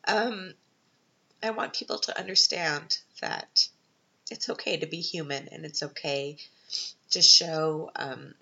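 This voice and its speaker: This low, gravelly, sharp-toned woman speaks slowly as she hosts her personal podcast from Vienna. Tearful and emotional, she talks unscripted, hesitating with many ums, on a dull lo-fi recording.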